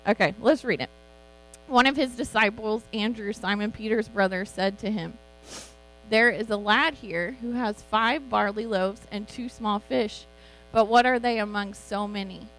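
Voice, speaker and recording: A woman's voice: medium pitch, a little slow, soft background music, poor audio. Chatty woman preaching, mains hum. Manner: chatty, animated, laughs often. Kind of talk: informal sermon.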